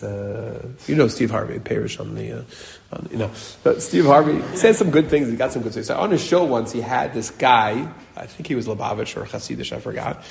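A middle-aged man teaches a Torah class in a relaxed, joking way. His pitch swings up and down as he tells stories and acts out what people say. Hebrew and Yiddish words turn up all through his talk. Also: vocal fry. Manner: animated storytelling, acting out quotes, Hebrew and Yiddish words. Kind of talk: casual Torah class with humor.

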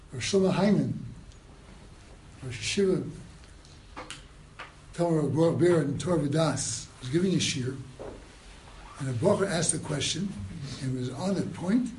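A man giving a mussar sermon, moving from hushed storytelling to loud rhetorical questions, with Hebrew and Yiddish terms mixed in. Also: on the high side, a little hiss or hum, rough recording. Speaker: rabbi giving a mussar talk.

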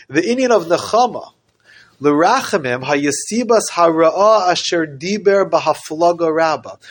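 A man teaching a Torah class, explaining a text with lively acted-out dialogue and many Hebrew terms. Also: fairly high pitch. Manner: animated, acts out quoted dialogue.

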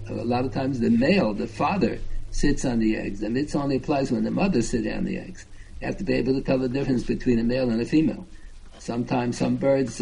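A man's voice: mid-range voice, gravelly, mellow, husky, low-quality recording. A man teaching a Talmud class, explaining step by step and chanting the Hebrew and Aramaic quotes.

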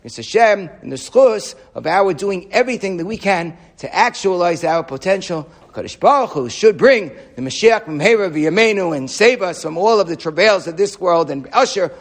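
Man, rabbi's sermon, high voice, animated, repeats for emphasis. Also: moderate pace, few pauses. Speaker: rabbi giving a shiur.

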